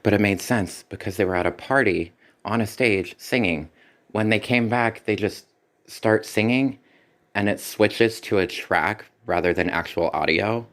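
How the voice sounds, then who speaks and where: A man's voice: fairly low pitch, a little slow, fairly bright tone. A man giving a spoken movie review in a critical, sarcastic way. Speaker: film reviewer.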